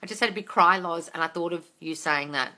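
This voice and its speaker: A woman with a bright, forceful tone and a slightly low pitch chats frankly through a live stream. She answers viewer comments one after another, swears without a second thought and keeps calling her listeners darling. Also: fairly quick. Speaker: host of a manifesting Q&A live stream.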